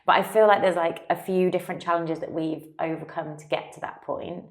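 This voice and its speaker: A chatty woman in her thirties co-hosts a casual talk. Her voice sits low for a woman, and she often breaks off mid-thought or slips in a laugh. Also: fairly even intonation, brisk. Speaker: podcast co-host. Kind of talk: casual chat.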